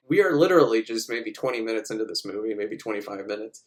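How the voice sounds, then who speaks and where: A man's voice: on the low side, animated. Man sarcastically recapping a movie. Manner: sarcastic, profane, acts out characters in quick voices. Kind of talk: casual comedic movie recap.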